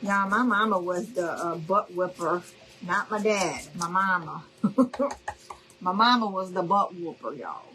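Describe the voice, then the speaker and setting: A woman's voice: lowish voice, expressive, measured pace, sharp tone, faint music behind, rough recording. A middle-aged woman hosting a casual live crafting demo, chatty and friendly, calling her viewers y'all. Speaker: craft tutorial host.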